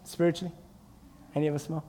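A male pastor preaching a sermon with animated storytelling, putting questions to the congregation. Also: fairly high pitch, quick pace, big-room sound, slight background noise.

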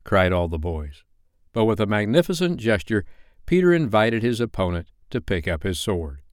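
Male storyteller for audiobook narration; animated, smooth, somewhat low voice. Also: moderate pace, no room sound, clean studio sound. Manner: expressive, lively reading.

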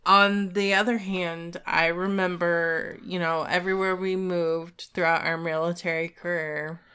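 Slow, smooth-voiced woman co-host. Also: on the low side, level tone, pushed and bright. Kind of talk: casual chat.

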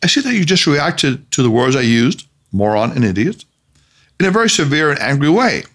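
A man's voice: medium pitch, very animated, a little fast, fairly bright tone. A man voicing a mischievous, teasing male sage who talks in a soothing tone.

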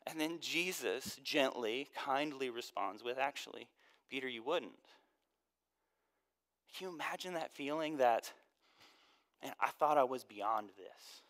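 A man preaching a conversational sermon as a pastor, casual and joking, often sinking to a soft hush. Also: a little high.

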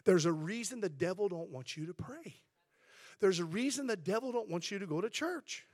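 Pastor, male, high tenor, animated storyteller, dry close sound. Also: normal speed, no echo. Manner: chatty storytelling, animated and humorous. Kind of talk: sermon.

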